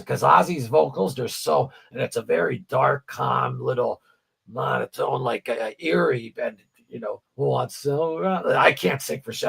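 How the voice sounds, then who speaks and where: A man's voice: medium pitch, creaky, husky. A man co-hosting a livestream, chatting casually about music, rambling and stammering, with frequent swearing. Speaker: livestream co-host.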